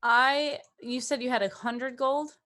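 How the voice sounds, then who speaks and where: A woman's voice: high-pitched, steady tone, unhurried, pushed and bright. Woman player thinking aloud. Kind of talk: casual tabletop game chat.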